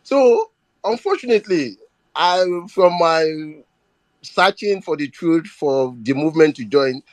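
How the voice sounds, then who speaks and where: Nigerian man, heartfelt speaker, fairly high pitch, dry sound. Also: lively intonation, unhurried, no echo. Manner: earnest, emotional, repeats himself. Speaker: speaker on a live audio chat. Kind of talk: impassioned appeal.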